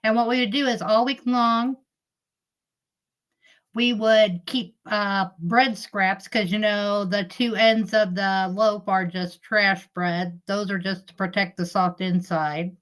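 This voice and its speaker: A woman's voice: mid-range voice, fairly even intonation, slow, fairly bright tone, rough recording. A middle-aged woman, live streaming in casual chat, telling family stories with frequent laughs and greeting viewers. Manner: chatty storyteller, laughs often, greets viewers.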